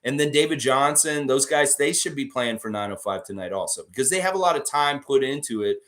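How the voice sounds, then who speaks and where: Man, casual livestream host, reads viewer comments, rambly, lively pitch. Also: brisk. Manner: rambling, animated storytelling with filler words. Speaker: sports fan livestream host.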